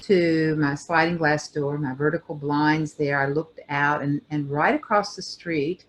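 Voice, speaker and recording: Older female co-host with a lowish voice, thoughtful storyteller who pauses and restarts. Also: steady tone. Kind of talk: reflective personal storytelling.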